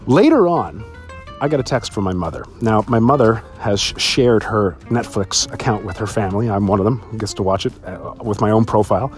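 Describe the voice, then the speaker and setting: A man telling stories on his solo podcast, swearing freely, laughing often and jumping to a high voice when excited. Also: brisk, soft background music. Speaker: podcast host. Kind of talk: casual solo podcast storytelling.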